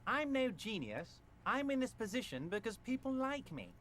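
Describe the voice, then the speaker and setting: An actor voicing a jovial, scheming male union boss in a video game, talking in an oily, flattering, folksy way. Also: extremely high pitch, normal speed, a little hiss or hum, full character voice. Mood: schmoozing.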